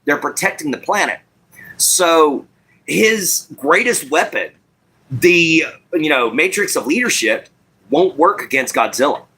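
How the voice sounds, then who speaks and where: A man's voice: on the high side, lively intonation, measured pace, sharp tone, breathy edge. A man with a Southeast Texas country twang hosting a casual live-stream chat, talking in a folksy, rambling way.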